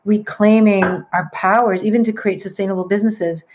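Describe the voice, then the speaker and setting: A woman in her late forties, a psychic medium, telling her story in a casual, animated way and mixing in Spanish words. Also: medium pitch, fairly quick. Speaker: podcast guest, psychic medium.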